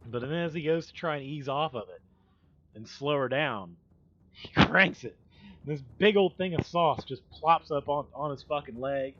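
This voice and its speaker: A man's voice: on the high side, normal speed, fairly bright tone, lo-fi sound, a little hiss or hum. A man hosting a livestream, telling stories in a rambling, profane, casual way with laughing asides. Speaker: livestream host. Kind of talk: casual storytelling chat.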